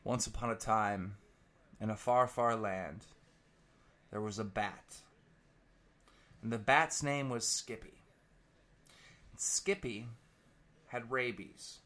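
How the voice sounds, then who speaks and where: Bright-voiced man telling a profane story. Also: on the low side, slow pace, pauses often. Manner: rambling, profane, animated. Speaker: commentator.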